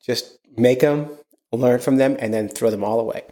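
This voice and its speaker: A man's voice: medium pitch, normal speed, warm tone. A man hosting a casual fishing podcast, talking in a rambling way with lots of fillers and restarts. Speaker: podcast host. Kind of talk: casual chat.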